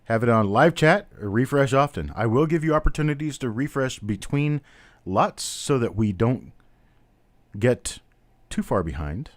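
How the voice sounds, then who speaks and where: A man's voice: mid-range voice, animated, normal speed, no room sound. A man hosting a live-stream coin auction, chatty, calling out bidders and prices one after another. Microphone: webcam on a stand.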